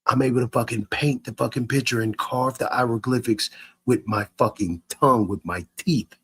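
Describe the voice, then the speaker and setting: Male streamer, husky and rough-edged; rants at chat, cursing, repeating himself. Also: mid-range voice, steady tone, moderate pace, fairly bright tone. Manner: repetitive, stammering restarts, profane. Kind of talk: ranting live stream to chat.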